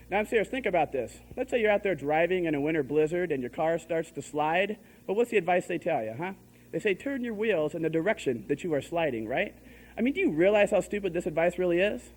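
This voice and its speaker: A man's voice: high-pitched, low-quality recording. A young man doing a stand-up comedy set on a live stage, chatty and full of "you know". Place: live stage before an audience.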